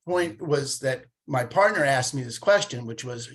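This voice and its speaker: A man's voice: medium pitch, lively intonation, moderate pace, a bit bright. A man in his late fifties talking in a casual podcast conversation, telling stories animatedly and acting out the voices of people he quotes. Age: 50s.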